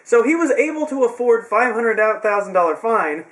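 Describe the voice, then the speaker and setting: Young male reviewer, high voice, chatty and sarcastic, loose home-video feel. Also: lively intonation, normal speed, fairly bright tone. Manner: rambling, sarcastic asides. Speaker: wrestling show reviewer. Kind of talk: casual recap.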